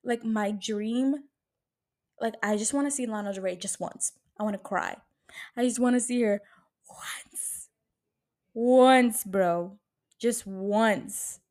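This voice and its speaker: A woman's voice: mid-range voice, unhurried, a little mellow. A woman in her twenties hosting a casual solo podcast, chatting emphatically, swearing freely and filling her talk with "like" and "bro". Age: 20s. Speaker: podcast host.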